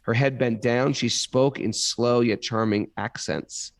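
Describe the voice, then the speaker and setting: Gravelly man reading scripture aloud. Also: medium pitch, fairly even intonation, measured pace, no echo, clean studio sound. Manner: breaks off reading to ask puzzled questions. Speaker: reader and co-host.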